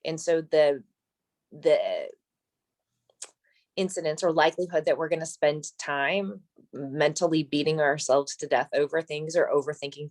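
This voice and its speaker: A woman with a low voice coaches a group on speaking. She explains her points in an assured, instructive way. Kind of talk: coaching talk at a group meeting.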